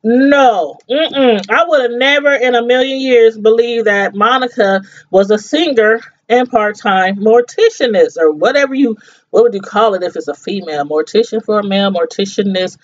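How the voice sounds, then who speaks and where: Woman, chatty TV reviewer, high-pitched, laughs often, muffled lo-fi sound. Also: normal speed. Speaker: TV show reviewer. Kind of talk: casual review chat.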